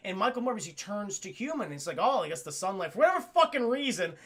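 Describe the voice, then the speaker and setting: Excitable high-voiced streamer man. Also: fast. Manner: excitable, swears often, acts out characters' lines. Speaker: live streamer. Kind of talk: casual recap of a cartoon episode to chat.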